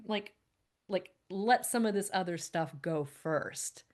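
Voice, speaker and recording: A woman's voice: medium pitch, slow pace, darkish tone. A woman guest on a podcast, speaking in an upbeat, casual conversational way and laughing often. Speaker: guest, holistic practitioner.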